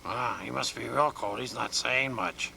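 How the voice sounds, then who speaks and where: In an exaggerated voice, a man plays a bumbling male bear just roused from hibernation, drowsy and puzzled. The gravelly rumble stays bright and ringing as he slowly mutters, wondering what on earth is going on, over a faint background hiss.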